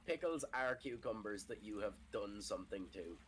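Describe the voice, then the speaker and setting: Blunt guy on a call, lowish voice, swears casually, noisy background. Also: expressive, normal speed, fairly bright tone. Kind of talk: casual group chat on a call.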